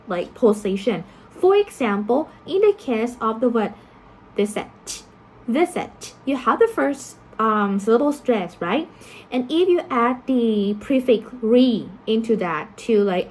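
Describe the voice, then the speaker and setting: A woman with a somewhat high voice leads a slow, patient pronunciation lesson. She says each example word twice with deliberate care and drifts into casual fillers as she explains. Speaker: pronunciation teacher.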